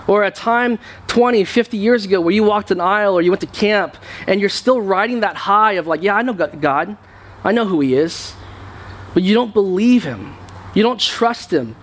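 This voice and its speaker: A young pastor with a noticeably high voice preaches to his congregation in a church sanctuary during what sounds like a service. His sermon is conversational, and he often restarts phrases and repeats words.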